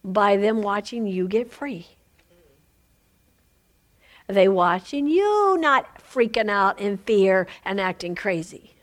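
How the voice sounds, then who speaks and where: Woman, high-pitched, informal sermon, women's Bible teacher, chatty, laughs often.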